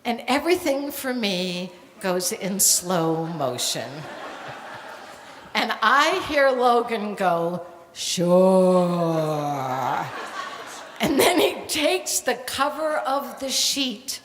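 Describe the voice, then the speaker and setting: An older woman tells a true family story from a stage, slowly and deliberately, her voice sitting a little high. She brings the people in her story to life by acting out their voices. The sound carries a long hall reverb with faint room ambience behind it. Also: animated, a bit bright, slight background noise.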